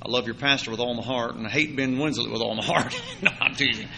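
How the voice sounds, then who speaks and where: A man preaching a sermon to a congregation in church, his throat sore and scratchy, rising from quiet talk to loud emphatic preaching. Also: medium pitch, quick pace, creaky, a crowd in the background.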